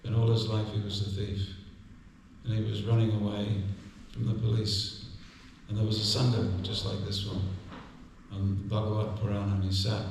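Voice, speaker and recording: A man giving a devotional class at a temple, telling stories with gentle humor. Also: on the low side, little pitch movement, normal speed, gravelly, slight background noise. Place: temple hall. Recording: echoey temple room from far off.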